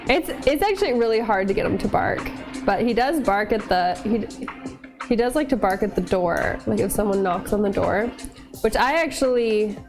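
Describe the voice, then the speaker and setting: A woman's voice: medium pitch, animated, moderate pace, music in the background. A woman chatting casually with viewers while cooking in her home kitchen, laughing often and cooing at her dog. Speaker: streamer cooking on camera.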